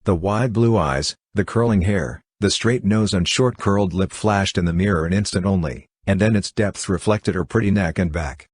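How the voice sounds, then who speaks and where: A man narrating an audiobook in a steady, even reading voice. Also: deep voice, moderate pace, few pauses, slightly rough, dry recording, clean studio sound. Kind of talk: scripted narration.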